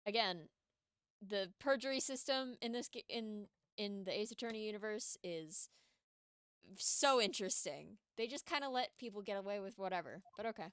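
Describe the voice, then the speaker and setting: A woman streaming a courtroom game, reading the dialogue aloud and chatting excitedly between lines. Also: medium pitch, a little slow, long pauses, clean tone, soft background music. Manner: chatty, excitable, giggly asides. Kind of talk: casual let's-play commentary, reading lines.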